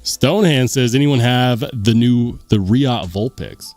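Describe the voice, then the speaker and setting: A man's voice: mid-range voice, a little slow, faint music behind. A man hosting a casual livestream, reading viewer comments aloud and chatting as he goes. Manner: lively, chatty, muses aloud. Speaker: host.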